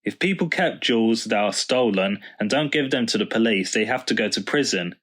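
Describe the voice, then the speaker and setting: A man's voice: lowish voice, lively intonation, fairly quick. A man voicing a patient, thoughtful father who is a vicar, in a storybook reading. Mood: gentle. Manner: warm, thoughtful and explaining.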